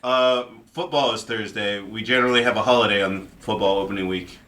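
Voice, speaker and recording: A man's voice: on the low side, brisk, bright, forceful tone, slight background noise. A man co-hosting a podcast, blunt and wry in casual chat. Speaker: podcast co-host.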